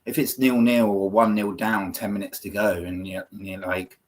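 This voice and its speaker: Lowish-voiced rambling man. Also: flat delivery, moderate pace. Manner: rambling, filler-heavy, earnest. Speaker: podcast host. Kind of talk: casual football chat.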